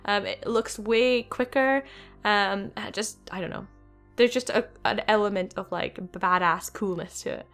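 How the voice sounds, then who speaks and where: A young woman hosting a gaming channel, talking in an excited, rambling way with many fillers. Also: medium pitch, normal speed, soft background music. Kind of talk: casual video game commentary.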